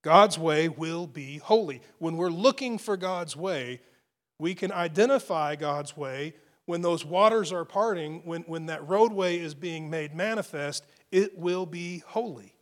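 A male pastor delivering a sermon in a high, bright-pitched voice. He speaks earnestly to his congregation, building to emphatic swells and then falling back to soft, quiet asides. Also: measured pace.

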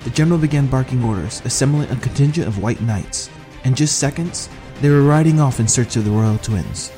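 A man narrating an audiobook in a measured first-person storytelling manner. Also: mid-range voice, animated, warm tone, faint music behind.

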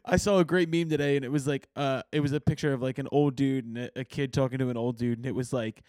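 A man's voice: medium pitch, fairly even intonation, fast talker, darkish tone, dry recording, studio quality. A young man hosting a podcast over a video call, joking and swearing casually. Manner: laid-back, joking, swearing. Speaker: podcast host.

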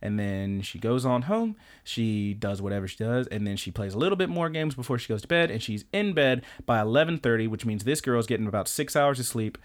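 A young man co-hosting a podcast, recapping an anime in an animated, rambling and profane way. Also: mid-range voice, a little fast, hardly any pauses. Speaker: podcast co-host. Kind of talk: casual anime recap chat.

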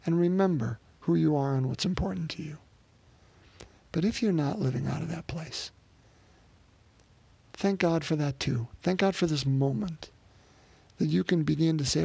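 Man, pastor, sermon, husky raspy voice, gravelly, fairly high pitch, conversational, repeats words, addresses congregation. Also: normal speed, pauses often, dark tone, no echo.

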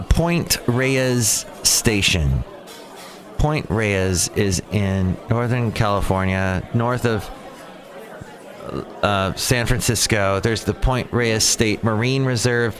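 A man with a medium-pitched, fairly bright voice hosts his own daily podcast alone. The solo show rambles, and he is playful and digressive, joking at his own expense.

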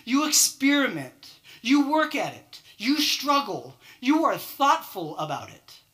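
A man's voice: extremely high pitch, very animated, a little slow, pushed and bright. A man preaching a sermon, firing off rhetorical questions and acting out quoted excuses. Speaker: pastor.

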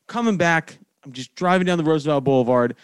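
A young man, hosting a podcast and telling profane, animated stories in casual chat. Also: fairly high pitch, quick pace, smooth, no echo. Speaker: podcast host.

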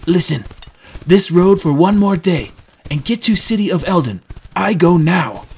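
A man voicing a gruff, irritable alien male warrior who barks orders in broken, clipped English. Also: sits high, animated, a little slow, a little mellow, voice pushed up, heavily acted. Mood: curt. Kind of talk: audiobook character voice.

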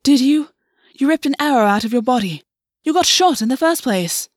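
A woman voicing a possessive, domineering male fae lord who speaks in a low purr and hisses his orders. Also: moderate pace, slightly rough, no echo, studio quality, natural voice. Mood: cold commanding. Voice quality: low purring voice. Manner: quiet, commanding, hissing.

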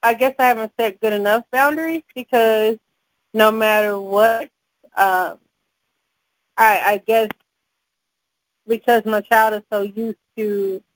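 A woman, a mother and podcast co-host, chatting casually and telling animated stories with frequent laughs. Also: on the high side, unhurried, pauses often, no echo, low-quality recording. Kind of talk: casual chat.

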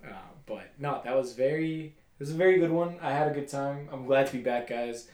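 A man's voice: medium pitch, a little fast, a little mellow, echoey room. A man hosting a podcast, chatting casually and rambling at length with many fillers. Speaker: podcast host. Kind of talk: casual chat.

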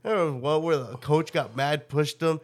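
A man's voice: a little high, moderate pace. Laughing, rambling male podcast co-host. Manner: rambling profane storytelling, laughs often. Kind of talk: casual chat.

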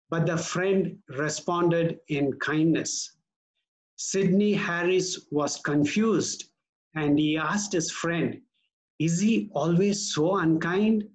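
A man preaching a sermon as pastor, earnest and measured, slowing down to stress key words. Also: a little high, darkish tone, low-quality recording.

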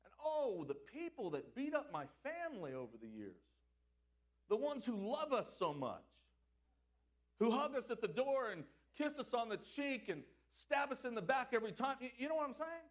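A man preaching a sermon as pastor, swinging between loud emphatic lines and quiet, prayerful passages. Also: very high voice, big pitch swings, moderate pace.

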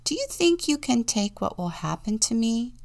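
A woman voicing Jesus in a children's Bible story as a calm, patient teacher speaking gently. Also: on the high side, normal speed, creaky, pitched above the performer's own voice.

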